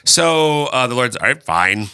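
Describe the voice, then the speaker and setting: A man hosting a casual chat, explaining Bible readings with lively, playful asides. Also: mid-range voice, measured pace, smooth, no echo, clean studio sound. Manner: lively, animated, breaks into playful character voices. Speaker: podcast host explaining scripture.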